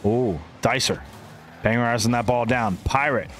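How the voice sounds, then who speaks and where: A man's voice: medium pitch, normal speed. A man casting an esports match live with playful play-by-play, inventing silly words and chatting with viewers between plays. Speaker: esports caster.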